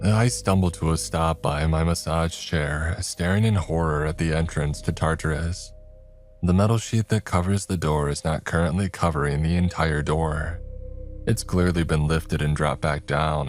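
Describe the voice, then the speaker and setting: A man reading a first-person horror story in a tense, measured way. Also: extremely low pitch. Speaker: narrator.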